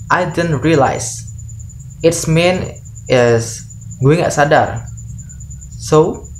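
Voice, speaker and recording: A man's voice: mid-range voice, slight background noise. A man from Indonesia with an Indonesian accent, teaching English phrases in a bilingual lesson. He reads each example twice and then translates it.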